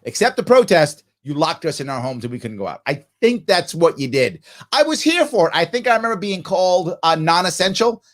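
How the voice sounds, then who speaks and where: A man's voice: on the high side, sing-song, a little fast, fairly bright tone. A male podcast host giving mocking, sarcastic commentary on clips that he plays back.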